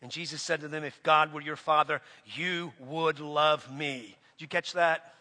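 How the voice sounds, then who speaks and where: A man preaching a sermon with passion, dropping to a hush and then rising to shouts. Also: on the high side, fairly even intonation, unhurried, long reverb tail. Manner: impassioned, swings from hushed to shouting.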